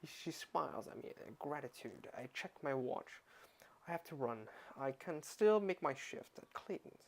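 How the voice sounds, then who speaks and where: A man's voice: fairly high pitch, animated, normal speed. Sarcastic man reading a novel aloud. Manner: sarcastic, interrupts reading with exasperated comments; stumbles and restarts words while reading. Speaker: reader of a parody audiobook. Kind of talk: mock audiobook reading with asides. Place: at home.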